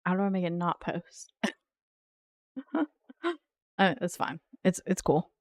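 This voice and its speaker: A woman's voice: fairly low pitch, animated, slow pace, dry recording. A woman game streamer chatting casually with her viewers in a playful, teasing way and laughing often. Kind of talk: casual live-stream chat.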